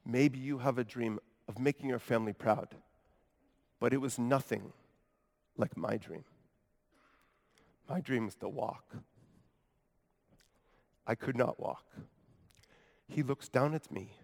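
A man's voice: mid-range voice, slow pace, creaky, pauses often, darkish tone. A man preaching a first-person dramatic monologue as a paralyzed grown man from Capernaum, earnest and wry, telling his story with asides to the congregation. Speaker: preacher in character. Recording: long hall reverb.

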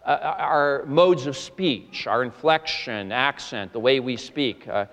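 A male pastor delivers a sermon in an earnest, emphatic manner, often lifting his pitch to stress a point. His voice sits in a middle register. It rings with the long reverb of a church sanctuary. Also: slow, fairly bright tone. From Boston.

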